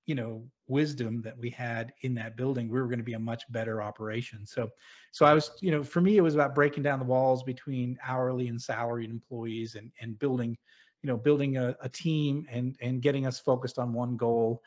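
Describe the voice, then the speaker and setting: A middle-aged New England man, a former submarine officer appearing as a podcast guest, talks earnestly and briskly about his career in a medium-pitched, fairly even voice. His casual storytelling is full of restarts, and the lo-fi audio sounds dull.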